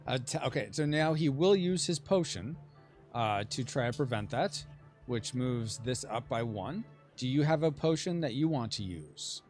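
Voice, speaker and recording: A man's voice: mid-range voice, expressive, normal speed, a little mellow, faint music behind. A man hosting a casual board game playtest, chatting and checking the rules aloud. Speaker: game host.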